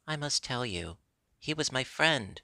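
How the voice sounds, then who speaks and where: A man voicing an earnest wooden puppet boy in a storybook reading, pleading and excitable. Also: medium pitch, unhurried, vocal fry, dry recording, exaggerated voice.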